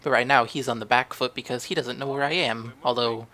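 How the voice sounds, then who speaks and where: Here the young man speaks fairly quickly in a medium-pitched voice that is steady yet sharp. As a gaming channel host, he talks casually through his recorded strategy game, rambling and doubting his decisions.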